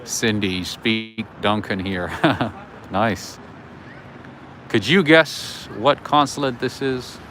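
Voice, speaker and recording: A man's voice: on the low side, slow pace, a bit bright, slight background noise. Chatty man livestreaming on a city walk. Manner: chatty, storytelling, reads out viewer chat. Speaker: livestream host. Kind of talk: casual live walking stream, chatting with viewers. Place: outdoors on city streets.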